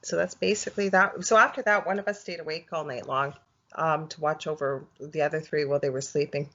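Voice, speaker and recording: A woman speaking as a podcast guest, telling her story in casual, halting speech with many fillers and restarts. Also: low voice, fairly even intonation, fairly bright tone. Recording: dull lo-fi audio.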